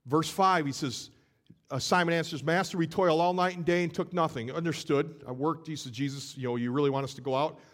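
A man's voice: fairly high pitch, fairly even intonation, brisk. A man preaching a sermon, retelling a scene and acting out the voices in it with shifting energy. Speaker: pastor.

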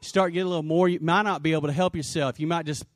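A man preaching a sermon to a congregation, animated, with shouted exclamations and call-and-response. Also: on the high side, racing, dry recording, studio quality. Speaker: pastor.

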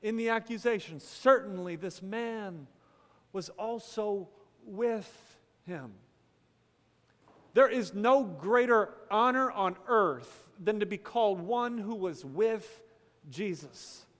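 A man, a pastor, preaching a sermon with dramatic pauses, dropping from loud to hushed and breaking into casual storytelling. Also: high voice. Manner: casual storytelling with quick asides. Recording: long hall reverb.

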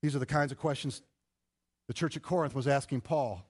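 A middle-aged male pastor giving an animated, conversational sermon full of rhetorical questions. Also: mid-range voice, brisk.

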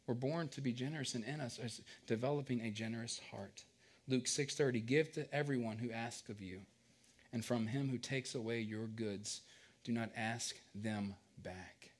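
A man's voice: mid-range voice, normal speed. A man preaching a casual sermon, joking and asking the congregation questions.

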